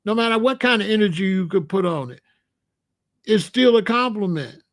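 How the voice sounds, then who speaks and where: A man's voice: sits high, animated, moderate pace, fairly bright tone. A man hosting a livestream, lecturing viewers in chat in a preachy, repetitive way. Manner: preachy, lecturing, repeats phrases. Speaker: host.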